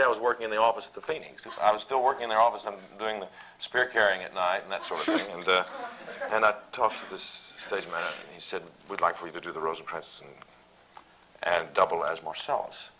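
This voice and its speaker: A man's voice: on the low side, noisy background. A man with a mild Southern American accent, telling a rambling, self-deprecating story on a stage panel and laughing often. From Tennessee, USA. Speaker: actor on a panel. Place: stage panel before an audience.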